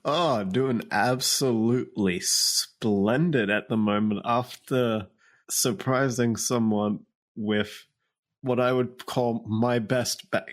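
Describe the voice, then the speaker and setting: A man co-hosting a podcast in casual chat, teasing his partner and laughing often. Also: lowish voice. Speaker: podcast co-host.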